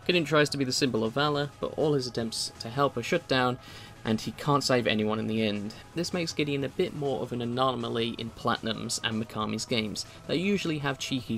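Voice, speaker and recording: A man's voice: medium pitch, a bit bright. A man reading a scripted video game review as a voice-over, with wry, opinionated asides.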